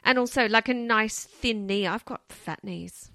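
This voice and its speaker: A woman's voice: a little high, a little slow, vocal fry, bright, forceful tone, dry recording. A woman on a podcast reacting in casual chat, outspoken and swearing freely. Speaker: podcast co-host.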